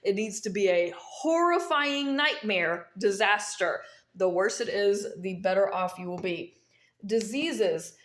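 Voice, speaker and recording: A woman's voice: medium pitch, measured pace. A woman talking straight to camera, explaining things emphatically and repeating her key points, with a mint in her mouth. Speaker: vlogger explaining dream omens. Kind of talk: casual instructional monologue. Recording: echoey room.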